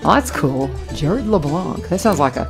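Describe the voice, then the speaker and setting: A woman's voice: low-pitched, expressive, normal speed, creaky, soft background music. A woman radio host, talking in a chatty, enthusiastic way with many restarts. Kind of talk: casual radio chat.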